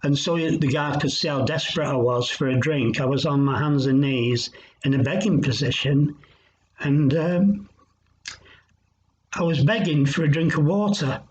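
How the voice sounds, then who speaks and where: A man giving a personal testimony in an earnest, reflective way, pausing as he tells his story. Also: a little high, slight background noise. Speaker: Christian recovery speaker. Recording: dull lo-fi sound.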